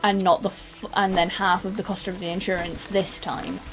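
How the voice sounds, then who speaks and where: A woman's voice: medium pitch, level tone, moderate pace, soft background music. A young British woman streaming a game, rambling and chatting casually with some swearing. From United Kingdom. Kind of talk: casual gaming stream chat.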